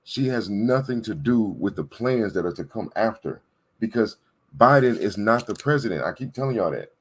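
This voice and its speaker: A man's voice: on the low side, expressive, normal speed, slightly rough. A man giving a preachy political rant with emphatic repetition, often checking in with his listeners. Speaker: political commentator. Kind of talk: ranting commentary.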